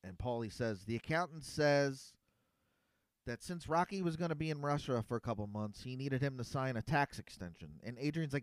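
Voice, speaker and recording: A man's voice: medium pitch, lively intonation, clear, resonant tone, no echo. Man, podcast co-host, casual recap, quoting characters, dry room. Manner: retells scenes with quick quoted dialogue. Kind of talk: casual movie recap chat.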